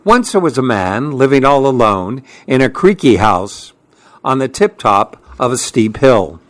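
A man reading a children's storybook aloud in a gentle, unhurried, expressive way. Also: medium pitch.

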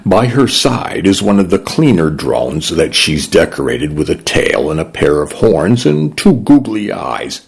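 A man narrating a first-person story in a measured, gentle, reflective way. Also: sits low, sing-song, vocal fry, slightly rough.

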